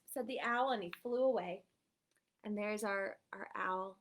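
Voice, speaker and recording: A woman from the United States reading a picture book aloud to children, animated and often checking in with "right?". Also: on the high side, a little slow. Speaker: story reader.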